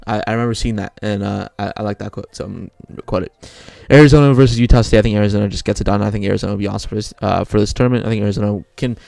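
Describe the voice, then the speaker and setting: A man's voice: on the low side, fairly even intonation, very fast, vocal fry, hardly any pauses, a little mellow, dry recording. A young man casually talking through his bracket picks, rambling and often correcting himself. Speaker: sports video creator.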